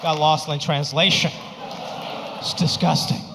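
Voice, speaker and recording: A stand-up comedian from Hong Kong in his thirties, performing an animated, exaggerated set on a theater stage. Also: on the high side, creaky, noisy background. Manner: animated, exaggerated, quick punchlines. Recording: stage mic in a reverberant hall.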